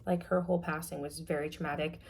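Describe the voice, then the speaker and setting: A young woman giving a casual, candid class presentation, talking frankly with many fillers and often trailing off softly. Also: low-pitched, fairly even intonation, fast talker, vocal fry, a little hiss or hum. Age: young adult. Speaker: student presenter.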